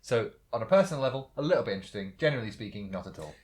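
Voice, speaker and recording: A man who is a guest on a casual movie commentary, deadpan and dismissive, cracking jokes. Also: fairly low pitch, rapid-fire. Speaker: podcast guest.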